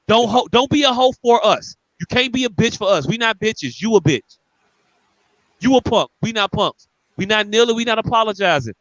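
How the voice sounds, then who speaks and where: A high, bright male voice drives an angry, profane rant on a podcast. He circles back to the same points again and again. The recording is dry and a little dull, like lo-fi podcast audio. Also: lively intonation, a little fast, dry recording. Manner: angry, profane, repetitive ranting. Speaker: podcast co-host.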